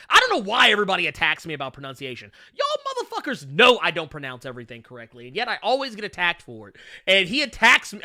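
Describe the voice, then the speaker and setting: A man hosting a comics livestream, chatting casually through viewer questions, joking and bursting into loud laughter. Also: fairly high pitch, no echo, studio quality.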